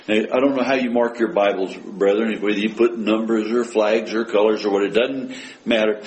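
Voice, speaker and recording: A man preaching a sermon to his congregation. He talks with emphasis, asking rhetorical questions and quoting scripture with rising force, then sinking to a hushed voice for heartfelt prayers. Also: fairly low pitch, steady tone, moderate pace, rough recording.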